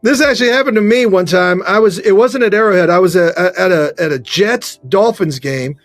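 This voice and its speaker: A man telling stories on a podcast, animated, acting out the voices of people in them. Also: sits high, fairly quick. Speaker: podcast guest. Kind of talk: casual storytelling.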